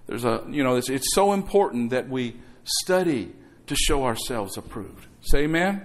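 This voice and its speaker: A man's voice: medium pitch, lively intonation, moderate pace, few pauses. Man preaching with call-and-response. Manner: exhorting, calls for amen from congregation; conversational asides and rhetorical questions. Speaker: pastor. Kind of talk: sermon.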